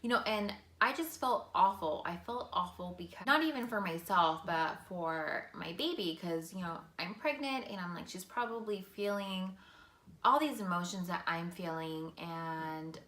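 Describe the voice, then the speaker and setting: A woman's voice: fairly low pitch, animated, normal speed, a bit bright. Earnest woman vlogger in an echoey room. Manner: casual, filler-heavy, earnest. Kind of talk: personal storytelling.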